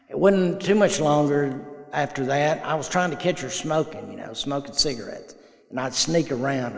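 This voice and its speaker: An older man with a mid-range voice and vocal fry speaks at an AA meeting, recorded in an echoey hall. He tells folksy personal stories, acting out the quoted dialogue.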